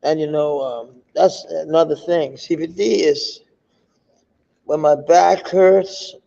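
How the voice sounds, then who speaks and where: A man's voice: a little high, fairly even intonation, takes it slowly, creaky, warm tone. A man with a Danish accent chatting casually on a live stream, rambling and swearing often with many restarts. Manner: meandering, profane, many restarts. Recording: dull lo-fi stream audio.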